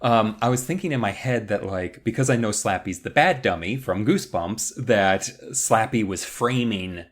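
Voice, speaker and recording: A man's voice: fairly low pitch, moderate pace, hardly any pauses. A man co-hosting a podcast, recapping a book in a rambling, joking casual chat. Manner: rambling, joking, lots of fillers. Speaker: podcast co-host.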